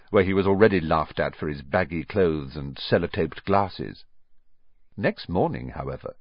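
Man narrator, expressive audiobook read, husky, dry dull sound. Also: on the low side, dry recording. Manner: expressive, lively storytelling.

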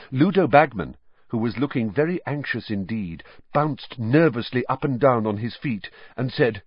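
A man narrating an audiobook in an expressive, varied way, on slightly dull audio. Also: on the low side, husky, no room sound. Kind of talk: scripted narration.

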